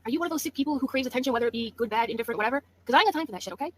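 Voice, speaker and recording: A woman from Massachusetts rants at a rival, brash and full of insults. Her voice sits high and she fires off words quickly, with a faint hum of noise behind her. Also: a bit bright. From Massachusetts, USA. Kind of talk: trash-talking video rant.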